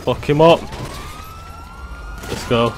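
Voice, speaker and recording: A man, loudly commentating on a game with bursts of shouting and swearing. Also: mid-range voice, takes it slowly, background noise. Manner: slangy, loud outbursts and swearing. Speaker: gaming video host. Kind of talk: excited gameplay commentary. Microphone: desktop USB microphone. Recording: game music playing under voice. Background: game music and sounds.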